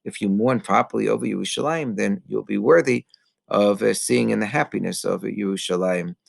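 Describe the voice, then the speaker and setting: A rabbi delivers a heartfelt sermon in a strongly gravelly male voice, leaning on fillers as he thinks aloud. The recording is dry and close, with no room sound. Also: on the low side, moderate pace, no echo. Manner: earnest teaching with frequent fillers and Hebrew terms. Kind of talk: Tisha B'Av sermon.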